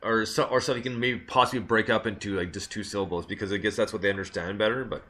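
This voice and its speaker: A man's voice: on the low side, rapid-fire, sharp tone. A man hosting a music radio show, telling rambling stories with many restarts and laughs. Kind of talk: casual chat.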